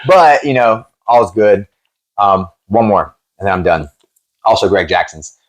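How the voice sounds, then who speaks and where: A man in his thirties with a fairly low voice tells rough gym stories from his fighting days. He swears freely and jumps into the voices of the people he quotes. It sounds like a relaxed sit-down interview. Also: unhurried. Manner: animated, profane, acts out quotes. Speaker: MMA promoter and former fighter, guest. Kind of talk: casual storytelling interview.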